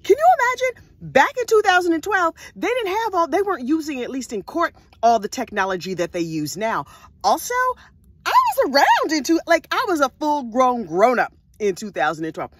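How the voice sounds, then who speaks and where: An animated woman telling a crime story in a casual, chatty way and throwing in sassy asides. Her voice sits high and leaps all over the place. The sound is close and dry. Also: normal speed, dry recording. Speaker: true crime vlogger.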